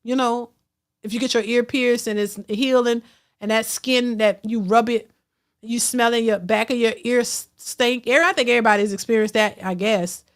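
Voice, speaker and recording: A woman with a higher-pitched voice and fairly flat intonation hosts a relaxed reaction livestream at a moderate pace. She reads out super chats and voices blunt, outspoken views, often restarting and repeating herself.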